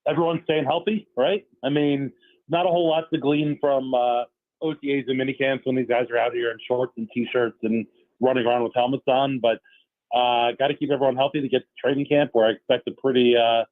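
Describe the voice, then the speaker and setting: A man's voice: medium pitch, steady tone, fairly quick, dry recording. A man reporting on a football team in a radio phone-in, talking steadily with many fillers. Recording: tinny phone line.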